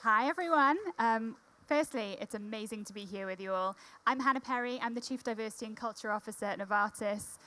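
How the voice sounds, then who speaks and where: A woman's voice: fairly high pitch, a little fast, pushed and bright, a little hiss or hum. A Welsh woman speaking as a panelist, answering questions with upbeat enthusiasm and a few fillers. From Wales. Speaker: panelist, diversity executive.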